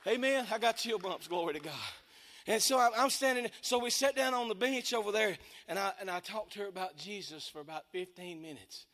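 A man from East Texas with an East Texas accent, preaching a testimony sermon as a singing preacher, telling a story and breaking into shouts of praise. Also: high-pitched, brisk.

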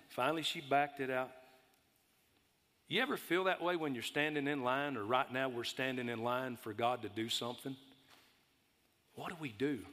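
A man's voice: mid-range voice, moderate pace, pauses often, a bit bright. A man with a Texas accent preaching a sermon in a folksy, storytelling way to a church congregation. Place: church sanctuary. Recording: long reverb of a large hall.

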